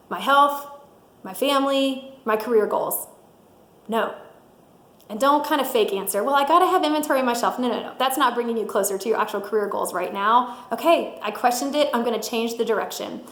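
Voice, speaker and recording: A middle-aged woman giving an energetic motivational talk, laughing often and acting out little quotes. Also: fairly high pitch, moderate pace. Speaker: sales director giving a mindset talk. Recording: roomy echo.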